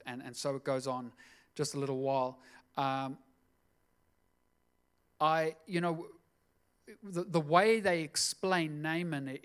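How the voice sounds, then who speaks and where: Brief: male pastor, high pitched, casual sermon with playful asides. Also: moderate pace. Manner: chatty, jokey asides.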